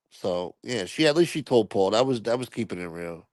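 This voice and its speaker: A man's voice: on the low side, lively intonation, brisk, hardly any pauses, a little mellow, dry recording. A man hosting a channel, telling stories in a laid-back, rambling, crude way. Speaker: channel host. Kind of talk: casual storytelling commentary.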